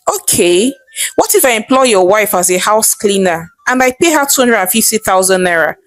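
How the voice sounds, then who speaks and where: A woman's voice: mid-range voice, animated, moderate pace, no room sound, close to an everyday voice. A woman with a Nigerian accent voicing a composed, wealthy wife who speaks in a cool, commanding way.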